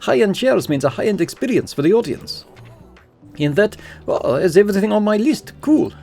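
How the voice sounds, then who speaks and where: A man reading a game's theatre organizer in a higher, excited voice, talking fast about plans. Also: vocal fry, soft background music, heavily acted. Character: enthusiastic young theatre organizer.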